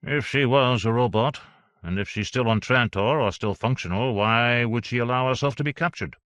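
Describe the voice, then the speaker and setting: A man's voice: mid-range voice, moderate pace, fairly bright tone, no room sound, studio quality, voice pushed up, lightly acted. A man doing a careful, skeptical male aide. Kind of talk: audiobook character voice.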